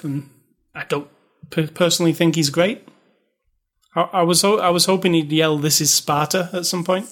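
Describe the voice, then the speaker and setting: A man co-hosting a casual movie review chat, blunt and sarcastic, laughing often. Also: a little high. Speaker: podcast co-host reviewing a movie.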